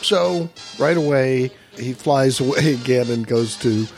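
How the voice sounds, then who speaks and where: A man's voice: mid-range voice, unhurried, a little mellow, faint music behind. A man casually recapping a comic book story in a rambling way, with frequent uhs.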